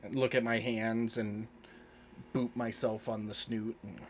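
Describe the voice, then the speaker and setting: Slow, low-voiced man narrating his character. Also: little pitch movement, slight background noise. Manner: laid-back, unhurried, loose with fillers. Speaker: tabletop game player. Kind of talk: narrating his character's actions in first person. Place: home streaming setup.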